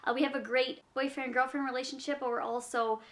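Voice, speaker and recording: A woman's voice: high voice, steady tone, fast talker, fairly bright tone. A young woman YouTuber answering viewer questions in a casual vlog, earnest and advice-giving, reading each question aloud before she answers it.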